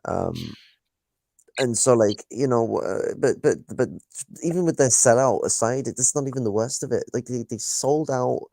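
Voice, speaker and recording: A man's voice: mid-range voice, animated, moderate pace, gravelly, dark tone, no room sound. An Irish man in casual political chat, rambling and swearing with lots of fillers. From Ireland. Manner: rambling, profane, many fillers.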